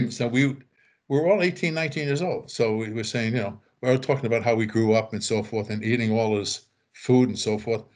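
A man's voice: mid-range voice, a little fast. An older man telling rambling anecdotes in casual chat, acting out quoted voices and chuckling. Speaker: author telling stories.

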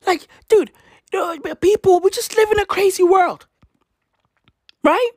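A woman's voice: extremely high pitch, measured pace, darkish tone, dry recording, studio quality. A woman ranting through news commentary, profane and slangy, firing off rhetorical questions.

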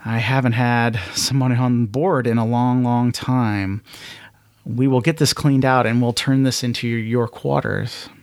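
A man's voice: medium pitch, steady tone, unhurried, dry recording, clean studio sound, lightly acted. A man voicing a diplomat-turned-starship-captain in a solo tabletop game, talking in a hesitant, apologetic way.

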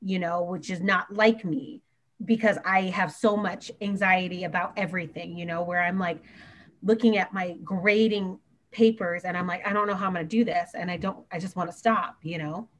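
A woman's voice: on the low side, fairly even intonation, normal speed, a bit bright. A woman who works as a teacher, chatting earnestly on a podcast and talking in long run-on stretches. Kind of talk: casual podcast chat.

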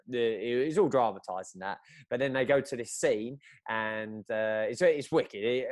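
A man's voice: medium pitch, dry recording. A man, retelling a story in a rambling, casual chat, full of fillers and restarts.

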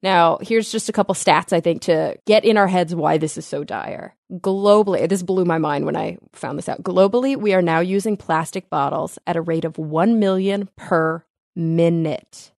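A woman's voice: on the low side, normal speed, gravelly, a little mellow, dry recording, clean studio sound. A young woman co-hosting a science podcast, chatty and upbeat as she explains things. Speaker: podcast co-host. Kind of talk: casual science podcast chat. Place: home, remote call.

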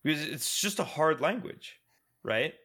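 A man's voice: fairly high pitch, lively intonation, measured pace, pushed and bright. Rambling man in casual chat. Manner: rambling, many fillers and restarts. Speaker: podcast co-host.

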